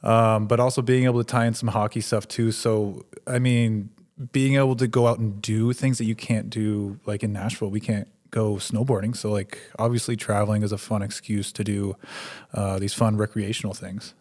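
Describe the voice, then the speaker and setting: A young man co-hosting a podcast in a rented studio. He talks in a relaxed way, cracks dry jokes and fills his speech with "like" and "dude.". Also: lowish voice, normal speed. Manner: laid-back, dry joking, says "like" and "dude" a lot. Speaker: podcast co-host. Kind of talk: casual chat.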